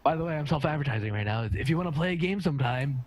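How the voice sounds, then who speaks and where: A man's voice: a little high, animated, racing. A man co-hosting a casual gaming podcast, rambling through stories and laughing often. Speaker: podcast co-host.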